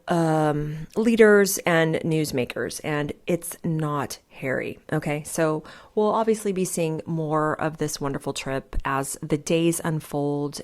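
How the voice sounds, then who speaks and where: An American woman chatting casually to camera on her vlog at home with her coffee, talkative and quick to laugh, often restarting her sentences. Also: low voice. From United States. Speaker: vlogger.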